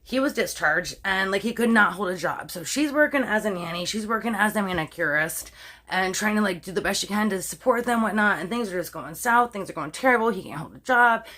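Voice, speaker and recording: A Canadian woman recounts a true crime case straight to her audience. She talks in a loose, animated, conversational way, with filler words everywhere. She keeps catching herself mid-swear and softening it. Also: mid-range voice, fairly quick. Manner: chatty, animated, heavy use of "like", self-censoring swears. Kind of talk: casual storytelling to camera.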